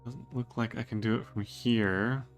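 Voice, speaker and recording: Slow-talking man playing a game. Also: medium pitch, fairly even intonation, soft background music. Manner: hesitant, mumbling, laughs to himself. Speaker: let's play gamer. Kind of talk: casual gameplay commentary.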